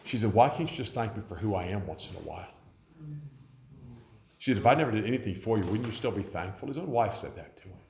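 A preacher in his forties delivers a sermon in a lowish voice, telling stories and putting on the voices of the people in them. The sound is roomy, with the echo of a church hall around him. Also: lively intonation, fast talker, vocal fry, a little mellow, slight background noise. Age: 40s. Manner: storytelling, acts out quoted voices. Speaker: pastor.

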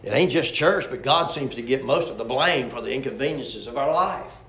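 A preacher with a gravelly voice, preaching a folksy sermon full of questions and homespun stories. The sound carries in a roomy church, with faint ambience behind him. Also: male voice, mid-range voice, lively intonation, moderate pace, fairly bright tone, a little hiss or hum. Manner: folksy, rhetorical, storytelling with humor.

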